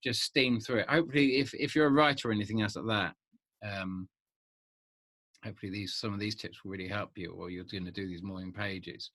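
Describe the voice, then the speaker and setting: A man's voice: fairly low pitch, brisk, no echo. Rambling man in his fifties. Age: 50s. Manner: rambling, many restarts, animated swings in loudness. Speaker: vlogger. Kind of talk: casual monologue to camera.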